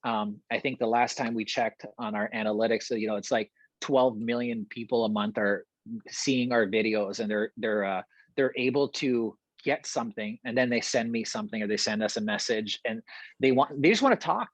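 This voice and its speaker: A middle-aged man, a guest in a casual podcast interview, telling stories with energy, often repeating words and laughing quickly. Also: lowish voice, no echo, low-quality recording. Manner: animated storyteller, repeats himself, quick laughs.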